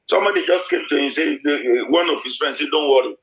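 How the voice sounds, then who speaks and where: A man's voice: on the high side, quick pace, a bit bright. A middle-aged man preaching a sermon, repeating himself with many hesitant restarts. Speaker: pastor. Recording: echoey church hall.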